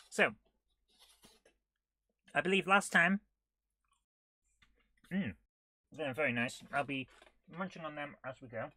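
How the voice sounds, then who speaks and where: A woman's voice: sits low, lively intonation, slow pace, long pauses, pushed and bright. A woman chatting casually on a live coding stream, giggling often and reading on-screen text aloud in a playful way. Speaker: retro gaming streamer.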